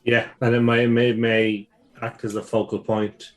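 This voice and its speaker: A man's voice: medium pitch, little pitch movement, measured pace. A man, a player chatting casually in a tabletop game.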